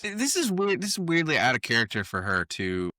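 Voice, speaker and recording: A man co-hosting a podcast, bantering in a lively, joking way and swearing freely. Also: a little high, fast, no room sound, clean studio sound. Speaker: podcast co-host. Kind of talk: casual recap chat.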